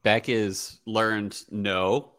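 A man's voice: on the low side, fairly even intonation, extremely slow, a bit bright, no echo, studio quality. A man in his thirties co-hosting a podcast, chatting casually and joking with lots of fillers. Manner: laid-back, joking, many fillers. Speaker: podcast co-host. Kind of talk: casual chat.

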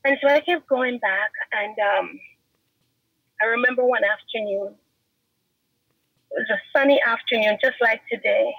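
A woman's voice: on the high side, moderate pace, gravelly, pauses often, breathy edge, no echo, highs cut off. A woman guest giving an earnest, emotional personal testimony in an interview. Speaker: podcast guest.

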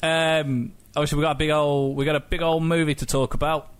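A man's voice: a little high, little pitch movement, brisk, clean tone. A man leading a casual podcast chat about a film, laughing often and teasing his co-host.

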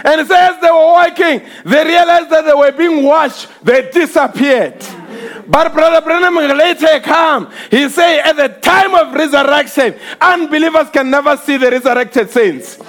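A male preacher delivering an impassioned sermon, often shouting and crying out hallelujah as he acts out the voices in his stories. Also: extremely high pitch, a little slow. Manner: acts out quoted voices while storytelling. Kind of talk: fervent sermon.

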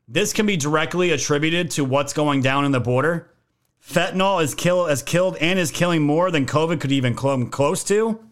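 A man's voice: a little high, normal speed. A man hosting a podcast, giving casual political commentary in a joking, profane way. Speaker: podcast host.

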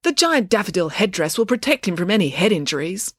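A woman reading aloud, voicing a bubbly, excitable young girl in a storybook. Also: medium pitch, a little fast, no echo, clean studio sound. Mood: reassuring. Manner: gushing, bubbly.

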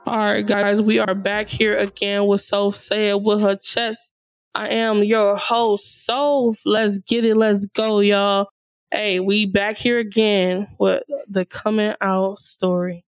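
A woman's voice: mid-range voice, level tone, slow pace, no echo. A young woman hosting her channel, casually telling a personal story and often calling her viewers y'all. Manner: chatty, addresses viewers as y'all. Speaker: host.

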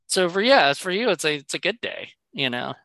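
Brief: male podcast host, gravelly, bright edge, loose and rambling. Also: on the high side, sing-song, normal speed, no room sound. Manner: rambling, lots of fillers and restarts. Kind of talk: casual interview chat.

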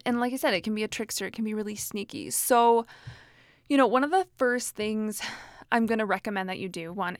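A woman in her thirties offers casual self-help advice in a medium-pitched voice, recorded dry with clean studio sound. She's chatty, laughs frequently, and fills her speech with fillers and restarts.

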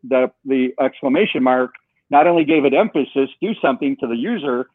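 As a guest on an interview, this software co-founder spins a lengthy tale with animation, voicing the dialogue he quotes. His mid-range voice moves a little fast over a dry, tinny, phone-like recording.

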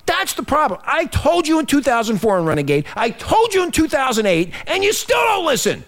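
A man hosting a political talk radio show, emphatic and animated, reading from a text between remarks. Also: brisk. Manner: animated, emphatic, swinging from low grumble to high exclaim; reads aloud from a written text between remarks.

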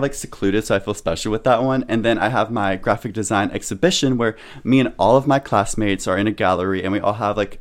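A young man in his twenties co-hosting a podcast, chatting casually and excitedly, laughing often. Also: on the low side. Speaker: podcast co-host. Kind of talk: casual chat.

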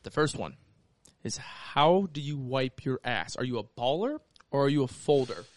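A man's voice: medium pitch, lively intonation, moderate pace, no room sound. A man co-hosting a casual podcast, telling profane stories with a lot of swearing and laughing at his own jokes. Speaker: podcast co-host. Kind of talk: crude casual chat.

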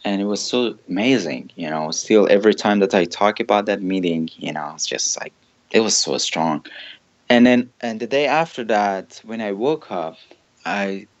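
A man's voice: on the low side, expressive, normal speed, lo-fi sound. Earnest man with an Iranian accent. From Iran. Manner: earnest, simple non-native phrasing, chuckles now and then. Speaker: pastor, guest. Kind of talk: personal testimony in conversation.

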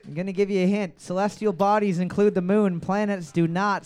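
A man with a high, smooth and resonant voice runs a comedy trivia night. He reads every question twice and fills the gaps with crude, joking banter. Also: fairly even intonation, brisk, a little mellow. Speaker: trivia host.

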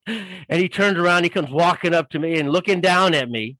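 A man spins a long anecdote as a guest author, rambling and full of fillers. His voice sits a little high and the sound is dry and close. He tells it in a loose, casual way. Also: brisk, no echo, rough recording. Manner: rambling, animated storyteller with many fillers. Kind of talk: casual storytelling.

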